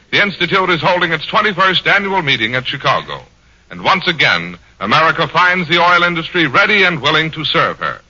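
A man's voice: a little high, bright, forceful tone. A man announcing on radio, reading a formal scripted commentary in an earnest, declamatory manner. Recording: dull lo-fi 1940s radio recording.

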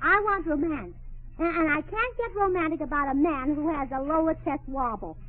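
A woman's voice: sits high, moderate pace, dry recording. A woman with a chirpy, scatterbrained manner, acting in a 1940s radio comedy. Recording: tinny old radio broadcast.

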